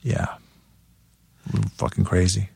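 A man's voice: sits low, takes it slowly, gravelly, breathy edge, no room sound, clean studio sound. A man telling wild tour stories in a casual interview, swearing often and laughing through his stories. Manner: profane, laughing, animated storyteller. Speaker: guest musician.

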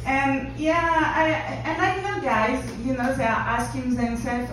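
A woman's voice: high voice, lively intonation, slow pace, a bit bright. A young woman from France with a French accent, doing brash, self-mocking stand-up comedy in English and laughing often. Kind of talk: stand-up comedy set and workshop chat. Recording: echoey room, mic at a distance, background noise.

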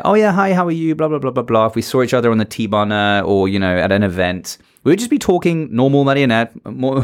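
A man as a podcast guest and public speaker, animatedly giving advice and shifting his tone and pace to make his points. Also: mid-range voice. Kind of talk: motivational talk in a conversation.

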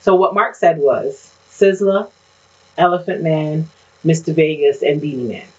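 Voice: medium pitch, unhurried, breathy edge. Blunt, ranting podcast co-host, distant mic. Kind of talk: casual chat. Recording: dull, distant mic sound.

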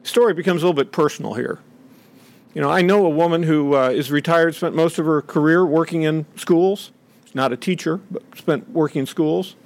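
A middle-aged man giving an impassioned, indignant public speech from a podium, acting out the voices he quotes. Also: a little fast. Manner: indignant, acts out quoted voices with rising pitch. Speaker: speaker at a podium.

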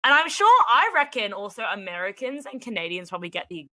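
A woman's voice: mid-range voice, animated, quick pace, bright, forceful tone, no room sound. A woman with an Australian accent co-hosting a podcast in casual chat, talking with lots of "like" fillers and frequent laughs. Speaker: podcast co-host. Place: Australian expat living in London, recording indoors.

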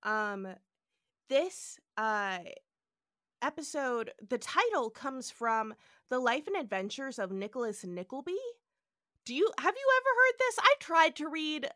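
A woman co-hosting a casual podcast, animated and laughing as she tells trivia. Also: sits high, unhurried, no room sound, clean studio sound. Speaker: podcast co-host.

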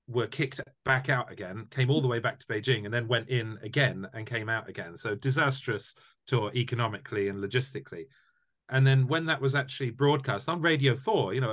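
Male guest, mid-pitched, storytelling in an animated conversational register. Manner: animated anecdotes, repeats words when restarting. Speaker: guest, tour company founder. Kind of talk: casual storytelling chat.

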